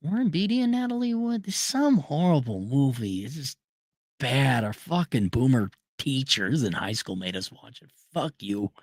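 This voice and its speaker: A middle-aged man ranting in a rambling, profane monologue. His tone is sarcastic and his pitch sits in an ordinary middle range. The sound is dry and close to the mic. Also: big pitch swings, normal speed, dry recording. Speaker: podcast host.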